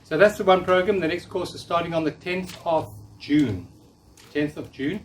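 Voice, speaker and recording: A man's voice: fairly high pitch, normal speed. A man in his fifties giving a live talk, coaching and encouraging the audience in a room. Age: 50s. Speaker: workshop speaker. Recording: distant mic, faint noise.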